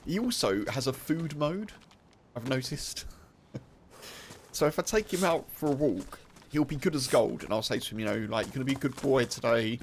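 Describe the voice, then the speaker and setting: A British man talks casually with his viewers while streaming a game. He rambles, laughs often and fills his sentences with "like" and "you know," at a middling pitch. A faint hiss sits under his voice. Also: lively intonation, normal speed. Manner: chatty, laughing, rambling, full of fillers.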